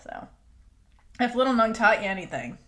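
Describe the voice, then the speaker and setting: A woman's voice: a little high, sing-song, normal speed, fairly bright tone. A woman co-hosting a podcast, recapping an episode in casual chat, acting out quotes, swearing and laughing often. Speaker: podcast co-host.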